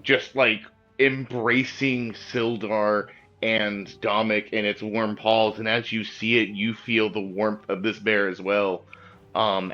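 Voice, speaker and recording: A man narrating as game master of a tabletop game, casual and halting, with many fillers. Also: fairly low pitch, a bit bright. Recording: dull lo-fi sound with faint music.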